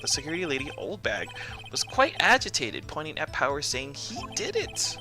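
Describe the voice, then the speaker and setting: A man voicing a cool, hard-nosed woman director giving testimony in a video game, in flat, clipped sentences. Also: on the high side, normal speed, music in the background. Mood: curt.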